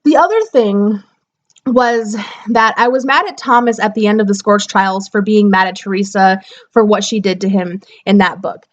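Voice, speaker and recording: A woman's voice: mid-range voice, moderate pace, lo-fi sound. A young woman giving a casual spoken book review, rambling and exasperated as she talks through what frustrated her.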